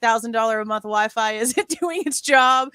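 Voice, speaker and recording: A woman guesting on a casual live stream, talking in an animated, chatty, encouraging way. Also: fairly high pitch, normal speed, crowd noise.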